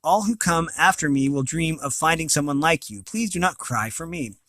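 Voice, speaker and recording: A man reading a novel aloud, voicing a solemn male unicorn who speaks calmly and formally. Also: on the high side, moderate pace, dry recording. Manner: calm, resigned, formal.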